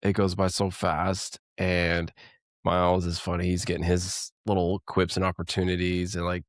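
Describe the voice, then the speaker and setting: A man's voice: sits low, completely flat delivery, normal speed, no room sound, studio quality. A man co-hosting a podcast in casual, reflective chat that rambles a little and often breaks into laughter. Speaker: podcast co-host.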